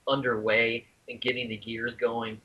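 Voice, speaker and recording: A man's voice: mid-range voice, little pitch movement, moderate pace, breathy edge. A man from the US South co-hosting a podcast in casual chat. He is chatty and stumbles over his words when amused. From US South (Arkansas, Alabama). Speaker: podcast co-host. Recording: dull lo-fi podcast audio.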